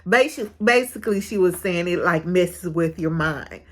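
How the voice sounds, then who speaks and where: A woman's voice: fairly low pitch, normal speed. A woman hosting a casual recap of a reality show, frank and chatty, often breaking into laughter.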